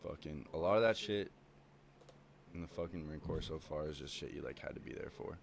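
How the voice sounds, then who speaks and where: Young male podcast guest, low-pitched, loose and profane storyteller. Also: fairly quick, gravelly, a little hiss or hum. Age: young adult. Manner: swears constantly, rambling with many fillers. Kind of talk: casual chat.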